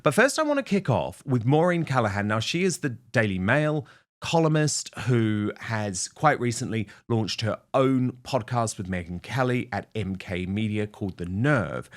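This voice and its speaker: A man's voice: on the low side, very animated, moderate pace. A man hosting a show, presenting opinionated news in a punchy, emphatic way. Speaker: show host.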